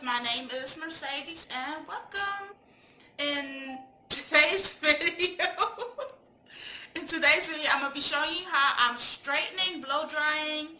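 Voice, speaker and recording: A woman beauty vlogger greets her viewers in a chatty, giggly manner. Her voice sits high and rings very bright. The recording bounces around an echoey room with a faint hum behind it. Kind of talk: casual tutorial intro.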